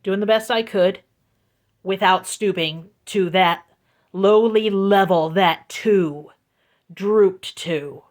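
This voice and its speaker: Slow, emphatic woman telling a story. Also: medium pitch. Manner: slow, deliberate and emphatic, with repeated points. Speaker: vlogger. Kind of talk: storytime vlog. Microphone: phone.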